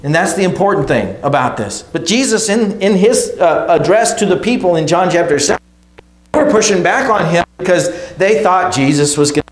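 A man's voice: high-pitched, animated, moderate pace. A man preaching a sermon to his congregation in a conversational way, often restarting phrases and checking in with "okay?" and "right?". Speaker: pastor. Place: church sanctuary. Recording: echoey church room.

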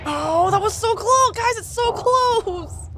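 A woman streamer giving casual, excitable commentary as she plays a shooter, laughing often and talking to the game. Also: very high voice, takes it slowly. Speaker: gaming streamer. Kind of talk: casual let's-play commentary. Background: game music and gunfire.

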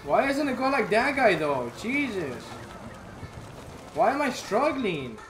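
A man's voice: high voice, sing-song, takes it slowly. Frustrated, swearing man gaming. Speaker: gamer. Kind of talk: gameplay commentary. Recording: roomy with loud background noise.

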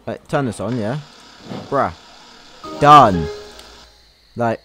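A man's voice: medium pitch, animated, drawn-out words, sharp tone, faint music behind. A young man giving crude, swear-filled gameplay commentary as a YouTube gamer, mocking the game as he plays. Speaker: gaming YouTuber.

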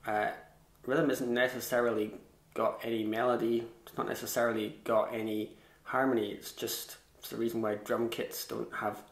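A man giving a relaxed online fiddle lesson, chatty and self-deprecating, scat-singing rhythms as he explains them. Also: medium pitch, moderate pace, gravelly. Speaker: fiddle tutor. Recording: echoey room.

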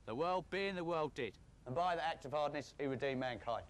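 A male comedian with a London accent delivering a deadpan mock sermon with a gruff, blokey put-on voice. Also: on the high side, a little fast. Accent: London English.

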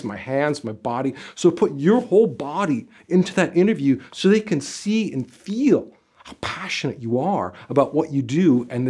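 A man giving job interview advice straight to camera as a career coach, talking in an animated, emphatic way with lots of casual fillers. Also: a little high. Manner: animated, emphatic, gestures with arms and body; conversational, many "you know" fillers. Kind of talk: direct-to-camera advice video.

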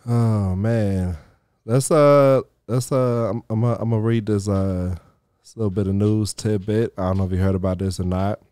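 A man co-hosting a podcast, bantering excitably and reading the news aloud. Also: on the low side, clear, resonant tone, no echo, studio quality. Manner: excitable, quick banter, laughs a lot. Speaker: podcast co-host.

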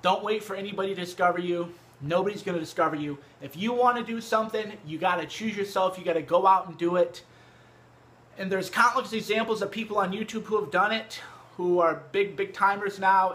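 A man's voice: sits high, fairly bright tone. A man talking casually to camera in a home setup about books, brash and profane, with heavy emphasis, on a cheap microphone. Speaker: vlogger. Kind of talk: casual direct-to-camera book talk. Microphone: cheap USB microphone.

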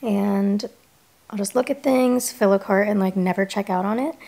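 A woman's voice: mid-range voice, moderate pace, gravelly, dark tone, echoey room. A young woman in her twenties vlogging in casual, frank chat to camera, with lots of "like". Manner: chatty, frank, says "like" often.

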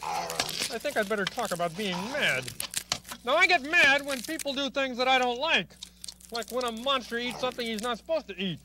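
A man's voice: very high-pitched, lively intonation, normal speed, noisy background. A man playing an earnest, fussy frog puppet lecturing children on a TV show, explaining patiently with exasperated bursts.

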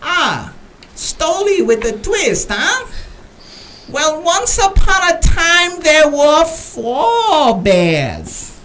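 A man putting on a joking male bartender with broken English, in a high, slow, stretched voice. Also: huge pitch swings, background noise, exaggerated voice. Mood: punchline.

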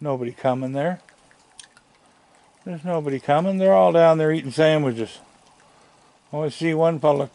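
A man's voice: fairly high pitch, dark tone, no echo. A man outdoors on his deck, chatting to the raccoons he feeds, filmed on a handheld camera. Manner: slow, gravelly, chatting fondly to raccoons. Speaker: raccoon feeder filming his yard. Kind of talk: casual talk to animals.

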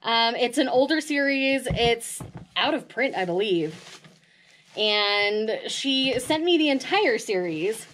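Talking slowly but animatedly in a slightly high, fairly bright voice, the woman unboxes manga for her vlog, effusive and emotional, laughing and addressing viewers directly. A faint hiss or hum runs under the audio.

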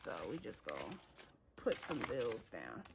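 A woman's voice: rumbling low, wildly swooping pitch, measured pace, gravelly, background noise. A woman, chatting casually to viewers as she counts cash into envelopes, laughing often and calling them y'all. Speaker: budgeting vlogger. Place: home room at a table.

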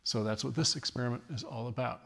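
A man teaching audio engineering, explaining microphone patterns in a steady, clear way while he walks around the mic in a large recording studio. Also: medium pitch, fast talker, slight background noise. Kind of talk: studio demonstration lesson. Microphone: studio condenser mic at varying distance. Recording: roomy studio reverb, voice moving off-mic.

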